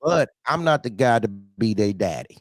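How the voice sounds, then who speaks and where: A man hosting a casual talk show about trucking, blunt and animated, talking in street slang and often laughing. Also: lowish voice, normal speed, dry recording, clean studio sound.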